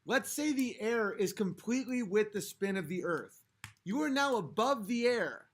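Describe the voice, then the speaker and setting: A man with a high-pitched, animated voice speaks at normal speed while hosting a late-night livestream. A few drinks in, he rants heatedly, swears a lot, and reads chat comments aloud.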